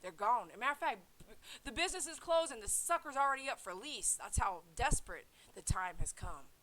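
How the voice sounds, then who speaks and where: Animated woman vlogging with slangy banter. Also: fairly high pitch, fairly quick, low-quality recording. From United States. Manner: animated, laughing, slangy with "man" fillers. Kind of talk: casual vlog chat. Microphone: headset.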